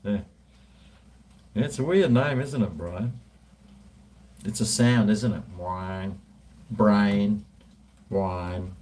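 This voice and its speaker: A man's voice: mid-range voice, lively intonation, slow, long pauses, darkish tone, a little hiss or hum. A man, rambling and swearing freely in casual chat while drinking. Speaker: vlogger.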